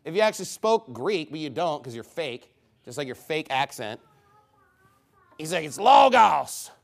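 A man's voice: a little high, big pitch swings, moderate pace. A man preaching a heated, combative sermon, scornful of his opponents.

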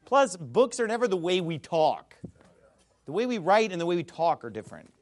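Man, high and very lively voice, scornful Bible commentator who stammers and shouts. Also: moderate pace. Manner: emphatic, scornful, repeats words, bursts into shouting. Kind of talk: animated video monologue.

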